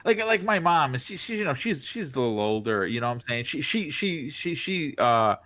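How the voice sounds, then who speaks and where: A man telling stories as a podcast guest in casual chat, with a distinctive voice, animated and full of restarts. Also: medium pitch, moderate pace, no echo. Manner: animated, lots of restarts, acts out quoted reactions. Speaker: podcast guest, content creator.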